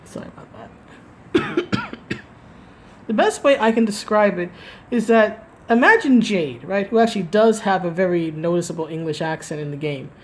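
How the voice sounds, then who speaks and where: A woman's voice: mid-range voice, expressive, normal speed, slight background noise. A woman giving casual opinion commentary for a gaming video, rambling, restarting her sentences and tagging them with "right?". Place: at home, recorded live.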